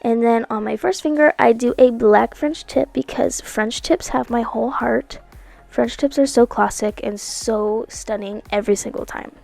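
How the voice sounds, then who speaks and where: A woman's voice: on the high side, normal speed, vocal fry. A woman narrating a nail art video in a chatty, playful way, correcting herself and tossing in asides. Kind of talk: casual voice-over narration. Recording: soft music underneath.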